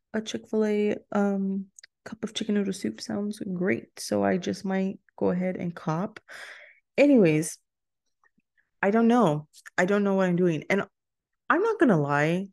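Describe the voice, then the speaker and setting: A young woman talks through her solo podcast in a loose, rambling way, laughing easily and cutting herself off mid-thought. Her voice sits low, with a gravelly fry at the ends of phrases. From Texas. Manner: rambling and chatty, laughs often, self-interrupting. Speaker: podcast host. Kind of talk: casual solo podcast chat.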